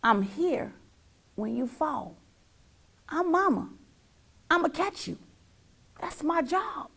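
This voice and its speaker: Middle-aged mom, high gravelly voice, emphatic heartfelt testimony with repeated lines, sometimes hushed near a whisper. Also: female voice, very animated, slow. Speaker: mother sharing her story.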